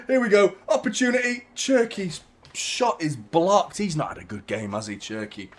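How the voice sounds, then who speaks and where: A man hosting a live football watchalong, reacting to the match with casual chat, swearing and bursts of shouting at big chances. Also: high-pitched, lively intonation, moderate pace. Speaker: host of a football watchalong stream.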